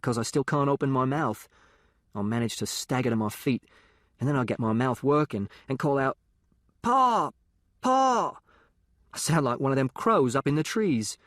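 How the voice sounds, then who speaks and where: An earnest male narrator reads a boy's first-person story in a plain, mid-pitched voice with working-class turns of speech. The recording is close and dry, with no room sound at all. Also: no echo. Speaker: audiobook narrator.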